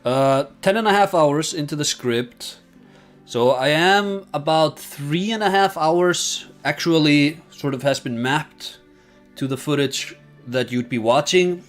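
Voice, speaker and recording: A man's voice: on the high side, unhurried, faint music behind. Rambling man chatting on a stream. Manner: rambling, thinking aloud with many fillers and restarts. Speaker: streamer and video essayist. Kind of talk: casual livestream chat with viewers.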